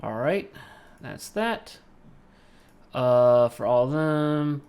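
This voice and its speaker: A man with a Southern American accent, game master of an online tabletop game, relaxed and muttering to himself as he moves tokens. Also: medium pitch, very slow, smooth.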